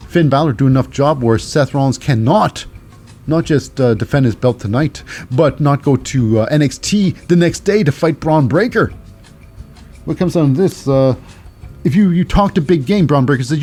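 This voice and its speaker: A man hosts a podcast and recaps wrestling in a loose, rambling way. His voice sits a bit higher than most men's. He fills his talk with restarts and filler words. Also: a little mellow. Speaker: podcast host.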